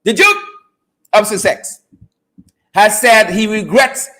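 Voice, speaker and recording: A high, bright-voiced man hosts a live online show. He chants catchphrases, shouts out to viewers and keeps the energy loud and playful. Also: big pitch swings, slow. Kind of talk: hyped live stream chat.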